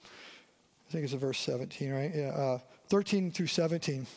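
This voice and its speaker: A man's voice: fairly high pitch, normal speed, a little mellow. Man preaching in a reverberant hall. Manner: conversational, asks the audience questions. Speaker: lead pastor. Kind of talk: sermon. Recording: long reverb of a church hall.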